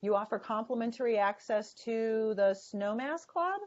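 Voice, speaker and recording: A woman's voice: a little high, animated, normal speed. Woman coaching a sales webinar, lo-fi. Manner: emphatic, coaching tone. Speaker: sales trainer. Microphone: video call. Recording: dull lo-fi webinar audio.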